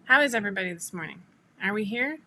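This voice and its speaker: Bright-voiced woman hosting a chatty livestream. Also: mid-range voice, expressive, quick pace, slight background noise, rough recording. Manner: chatty, laughs often, greets viewers by name. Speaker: livestream host. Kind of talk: casual livestream chat.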